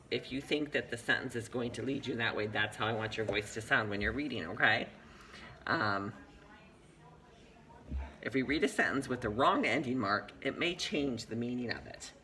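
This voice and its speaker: A man gives a one-on-one reading lesson, bright in tone and steadily encouraging. He explains each step plainly and praises the student often. A faint hum sits under the recording. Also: mid-range voice, rough recording. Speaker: reading teacher.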